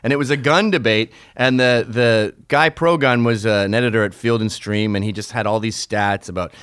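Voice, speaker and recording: A man's voice: fairly low pitch, fairly even intonation, brisk, a bit bright, clean tone, no echo, studio quality. A man hosting a casual, opinionated chat, talking sarcastically and acting out mocking quotes. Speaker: podcast host.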